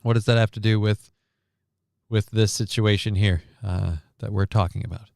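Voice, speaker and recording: A man's voice: fairly low pitch, steady tone, normal speed, vocal fry, darkish tone, dry recording, clean studio sound. A man streaming casual reaction commentary on a news clip, sarcastic and rambling, reading chat comments aloud.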